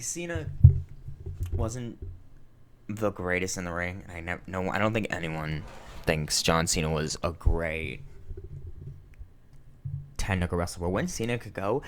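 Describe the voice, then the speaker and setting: A man's voice: low-pitched, animated, normal speed, long pauses, a little hiss or hum. A man in his twenties chatting casually through a wrestling review, rambling with lots of fillers, swearing now and then and getting emotional. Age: 20s. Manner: emotional, sentimental.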